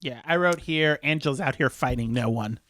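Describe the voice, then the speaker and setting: A man's voice: medium pitch, a little fast, fairly bright tone. A man co-hosting a podcast, recapping a TV show with wry jokes, casual swearing and silly impressions. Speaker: podcast co-host.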